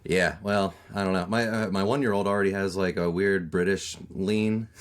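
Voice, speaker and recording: A man in his thirties from Maryland with a neutral American accent, chatting casually as a voice actor guest on a podcast, with lots of fillers and lively storytelling. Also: sits low, moderate pace. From Maryland, USA. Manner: chatty, lots of fillers, animated when telling stories.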